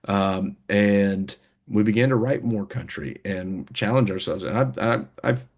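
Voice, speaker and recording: A man's voice: on the low side, measured pace. A young man, a band member, talking casually in an interview, rambling with many fillers and restarts. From United States.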